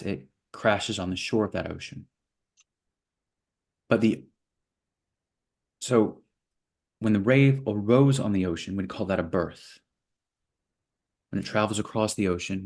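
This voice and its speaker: A man, interview guest, telling parables in a relaxed conversation and acting out little voices for the characters. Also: sits low, vocal fry. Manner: playful, acts out little voices in his parables. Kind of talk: storytelling in conversation.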